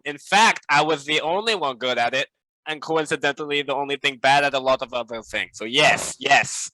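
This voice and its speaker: A man with a bright, forceful tone and a middle pitch, playing a tabletop game with friends. He comes across eager and jokey. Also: moderate pace, slight background noise, low-quality recording. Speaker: player.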